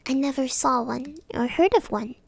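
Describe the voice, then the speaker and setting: A woman's voice: high voice, moderate pace, vocal fry, no echo. A woman voicing a polite, curious young girl in a whispered role-play. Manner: polite, a little indignant.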